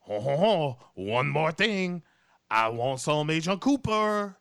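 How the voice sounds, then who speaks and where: A man putting on a sly, gloating male French crook in a deliberately sloppy put-on French accent, chuckling as he talks. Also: a little high, very animated, vocal fry, a bit bright, no room sound, clean studio sound, voice pushed up, exaggerated voice.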